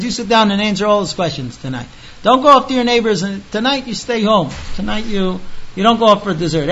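A man with a high voice teaches a text in a dull, lo-fi recording. He rattles off the Hebrew fast, then slows down to explain each line. He sounds emphatic and talks straight to the listener. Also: a bit bright. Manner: chants the Hebrew quickly, then explains it in plain talk. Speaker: Torah teacher.

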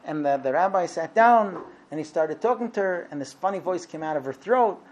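A man in his thirties telling a religious story in a casual, lively way, acting out the voices of the people in it. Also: on the high side, fairly quick. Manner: lively, acts out quoted voices. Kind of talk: storytelling talk.

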